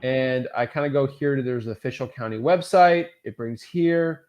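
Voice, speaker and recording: A man's voice: mid-range voice, moderate pace, darkish tone, highs cut off. A man hosting a casual live coaching Q&A, talking in a loose, rambling, upbeat way with lots of fillers. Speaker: real estate wholesaling coach and host.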